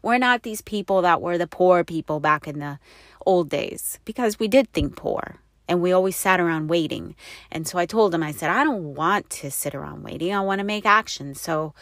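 Rambling, low-voiced woman telling a story. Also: moderate pace, fairly bright tone, dry recording, studio quality. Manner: rambling and confessional, with many fillers and self-corrections; breaks into laughter often. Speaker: wife sharing a personal story. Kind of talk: candid personal storytelling to the camera.

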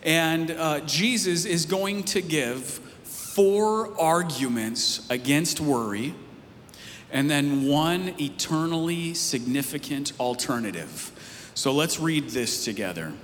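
Male pastor, slightly high voice, relaxed sermon storytelling, long hall echo with faint hiss. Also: slow pace. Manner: casual storytelling, rising emphatic near the end. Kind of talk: conversational sermon. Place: church sanctuary.

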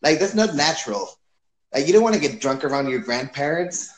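An easygoing man from Chile chats and laughs with a friend. His voice sits a little high for a man. The recording picks up a noticeable room echo around him. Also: expressive, a little fast. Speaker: chat partner. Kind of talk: casual chat. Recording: echoey room.

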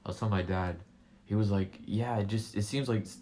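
Deep-voiced young man rambling casually. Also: steady tone, fairly quick, dark tone, a little hiss or hum. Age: young adult. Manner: rambling, many restarts and fillers. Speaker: podcast co-host. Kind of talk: casual chat.

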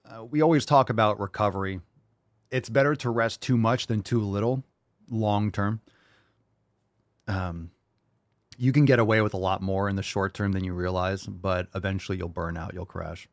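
A man with a fairly low voice hosts a call-in fitness show. He answers questions in a loose, direct and joking way. The sound is close and dry. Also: no room sound. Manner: loose, joking and direct, plain gym advice. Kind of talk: casual call-in advice talk.

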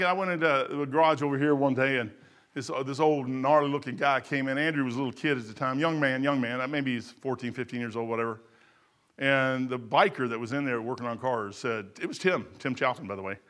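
A middle-aged man preaching a sermon in a folksy, emphatic way, swinging from loud to low. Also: fairly quick.

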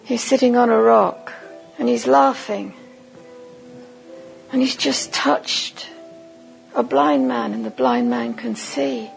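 A woman giving a sermon at a conference, leading listeners through a vivid imagined story in a slow, deliberate second-person voice. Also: fairly high pitch, steady tone, vocal fry, faint music behind, low-quality recording. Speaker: conference speaker.

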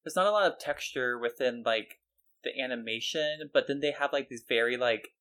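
A man's voice: mid-range voice, normal speed, a bit bright, smooth, rough recording. A man co-hosting a podcast, rambling casually with lots of fillers and the odd swear. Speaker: podcast co-host. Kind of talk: casual chat reviewing a cartoon.

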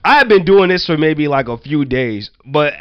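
A man's voice: a little high, animated, moderate pace, clean tone, dry recording, lo-fi sound. Loose-talking man telling profane stories. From Virginia, US. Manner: loose, profane, laughing anecdotes with many "like" fillers. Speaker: storyteller. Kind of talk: casual storytelling chat.

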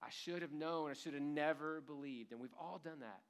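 A man preaching a sermon, telling the story in an animated way with a light chuckle now and then. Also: on the high side, normal speed, smooth. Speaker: pastor.

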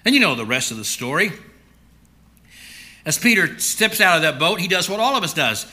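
A male pastor preaching a sermon in a high, very bright voice. He swings from loud, emphatic declarations to hushed, almost whispered asides. At times he acts out a panicked apostle in the first person. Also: big pitch swings, moderate pace, long pauses.

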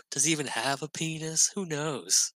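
Giggly man talking slowly. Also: a little high, fairly bright tone, no echo, poor audio. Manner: giggly, playful. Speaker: podcast guest. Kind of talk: casual comedy chat.

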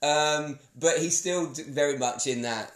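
A man's voice: a little high, measured pace, reverberant. A man from Essex with a posh-sounding English accent, chatting casually as a podcast co-host, with frequent restarts and laughs. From Essex, England. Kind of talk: casual chat.

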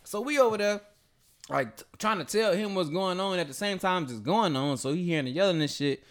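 A man tells a long story on a podcast. He talks loosely and cusses freely. His voice leaps high and loud whenever he acts out what people shouted. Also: a little fast. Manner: animated, profane storytelling with voiced quotes. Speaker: podcast host. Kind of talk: casual storytelling chat.

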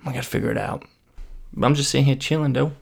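Guy with a gravelly creaky voice, rambling deadpan story, lots of you know. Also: mid-range voice, fast talker. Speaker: vlogger.

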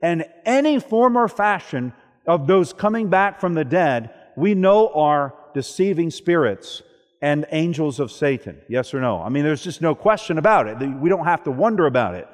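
A man's voice: a little high, sing-song, normal speed, big-room sound. A man preaching a sermon, often asking the congregation questions and then answering them himself.

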